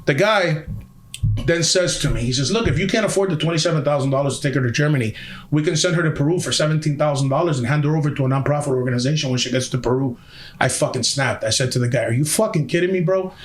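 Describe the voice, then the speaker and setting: A fast-talking man whose voice sits on the high side is a guest on a podcast, spinning a casual story. He's emphatic and worked up, cursing a lot, in a roomy-sounding space.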